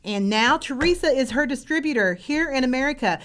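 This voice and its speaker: Gushing, excited woman host. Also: sits high, fairly quick. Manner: gushing, excited, laughs easily. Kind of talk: casual live chat.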